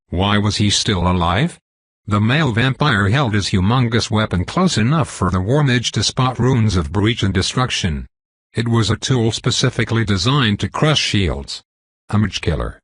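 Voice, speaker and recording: Guy narrating a dark fantasy webnovel, steady pace, husky voice, dry close mic. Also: lowish voice, dry recording. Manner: steady, measured storytelling. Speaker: audiobook narrator. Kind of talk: scripted narration of a dark fantasy web novel.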